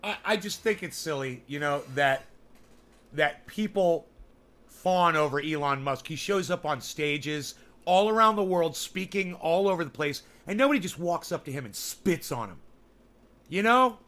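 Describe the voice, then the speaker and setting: A man livestreaming and chatting with his viewers, swearing freely and ranting between long filler pauses. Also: fairly high pitch, animated, a bit bright. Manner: profane, ranting, full of fillers. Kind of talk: casual livestream chat.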